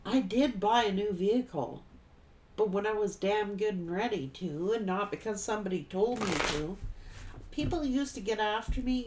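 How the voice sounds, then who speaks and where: A woman's voice: medium pitch, expressive, unhurried, noisy background. A middle-aged woman giving a casual tarot reading, blunt and folksy, swearing freely and laughing often. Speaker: tarot reader.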